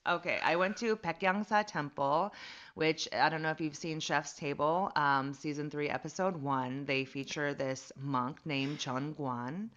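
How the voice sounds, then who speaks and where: A woman tells a story in a loose, chatty way, filling her lines with "like" and little acted-out quotes. Her voice is bright and edged, pitched slightly low, and the recording sounds muffled and lo-fi. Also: unhurried. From United States. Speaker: podcast guest, comedian. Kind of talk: casual storytelling chat.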